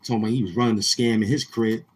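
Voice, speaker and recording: A man's voice: fairly low pitch, steady tone, rapid-fire, husky, low-quality recording. A man hosting a casual livestream, talking in brash, heckling, slang-heavy banter. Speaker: live-stream host.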